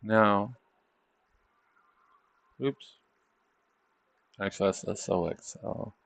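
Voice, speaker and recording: A man's voice: lowish voice, extremely slow, gravelly, a bit bright. A man hosting a trading livestream, chatting casually over charts and tossing in tag questions like "isn't it?". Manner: loose, chatty, thinking aloud.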